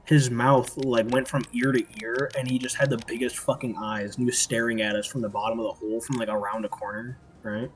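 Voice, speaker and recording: A man's voice: mid-range voice, level tone, brisk, hardly any pauses, soft background music. Rambling young man telling a dream. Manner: rambling, swears a lot, many fillers. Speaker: streamer. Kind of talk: casual storytelling while gaming.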